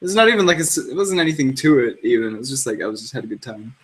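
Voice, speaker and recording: A man's voice: mid-range voice, big pitch swings, very fast. A man co-hosting a podcast in casual chat, joking around, swearing freely and often trailing off mid-thought. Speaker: podcast co-host.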